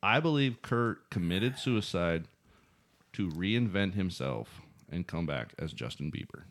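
A man's voice: deep voice, animated, measured pace. A man co-hosting a casual chat, reading listener posts and making dry wisecracks. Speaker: podcast co-host.

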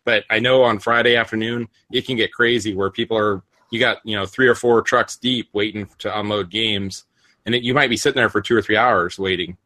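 A man's voice: on the low side, fairly even intonation, brisk, pushed and bright, no room sound. A man hosting a casual podcast chat, rambling with frequent restarts and fillers. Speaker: podcast host.

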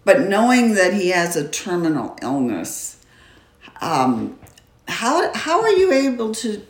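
An older woman hosting a podcast, asking questions in an expressive, halting way. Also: mid-range voice. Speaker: podcast host. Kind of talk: casual interview chat. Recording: roomy sound.

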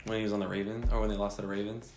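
A man's voice: fairly low pitch, flat delivery, very fast, a little mellow. A young man chatting casually as a podcast co-host, laid-back and profane, often answering in short replies. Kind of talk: casual chat. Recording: echoey room with faint noise.

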